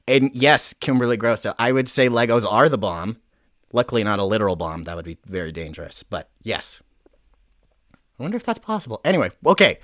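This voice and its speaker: A young man hosts a casual advice livestream from a makeshift home studio, joking, rambling, and often correcting himself in a playful way. His voice is on the low side, very animated, fairly quick, and fairly bright, and the recording is dry.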